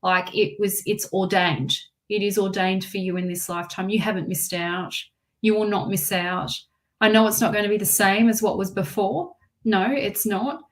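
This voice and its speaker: Woman, tarot reader, soft reassuring delivery, mid pitch. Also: steady tone, normal speed. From Australia. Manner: soft, reassuring, repeats phrases. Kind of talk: live tarot reading.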